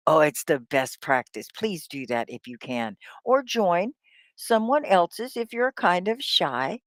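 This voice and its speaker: A woman teaching an English lesson on a live stream, drilling words slowly and cheering on her students. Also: lowish voice, dry recording, studio quality. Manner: slow, drawn-out word drills; upbeat, encouraging. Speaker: ESL teacher.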